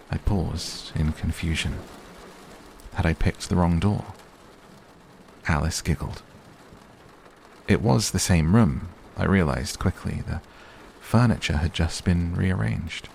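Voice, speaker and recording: Brief: a very deep, gravelly man in a soothing whispered role-play sleep story, faint rain behind. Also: a little hiss or hum. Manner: soft, soothing, unhurried. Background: faint rain ambience.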